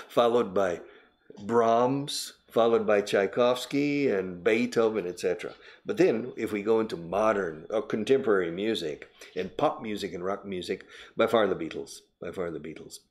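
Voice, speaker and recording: An older man gives a relaxed, chatty English lesson. His voice sits a little low, and he slips into Spanish to explain words. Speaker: English teacher and host. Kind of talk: casual spoken English lesson.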